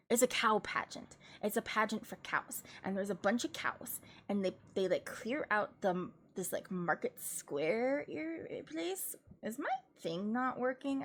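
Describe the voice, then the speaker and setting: Woman VTuber, casual stream chat, slightly high voice, unhurried delivery, giggles often. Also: slight background noise. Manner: chatty, giggly, slow and drawn out.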